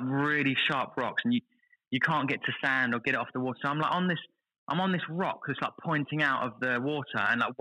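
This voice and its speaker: A man, a podcast guest, telling a story in an animated, excitable way and acting out what others said. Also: medium pitch, rough recording. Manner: animated, excitable storyteller who acts out other people's lines. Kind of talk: casual chat, telling a story.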